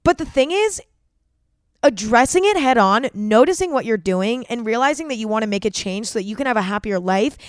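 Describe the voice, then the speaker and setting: A woman's voice: fairly high pitch, animated, a little fast, no echo, clean studio sound. A young woman hosting a podcast, talking frankly and confessionally, swearing freely and saying "like" a lot. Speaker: podcast host. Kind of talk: candid solo podcast monologue.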